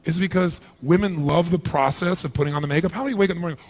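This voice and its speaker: A man with a high, lifted voice delivers a live motivational seminar in a large event hall. He is animated and keeps throwing questions straight at the crowd to pull them in. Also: very fast. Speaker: motivational speaker.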